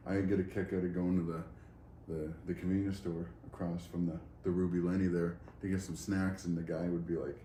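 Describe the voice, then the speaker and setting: A man's voice: low-pitched, little pitch movement, normal speed, warm tone. A man co-hosting a casual chat, talking in a laid-back, rambling, self-mocking way. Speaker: co-host. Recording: roomy garage with faint background noise.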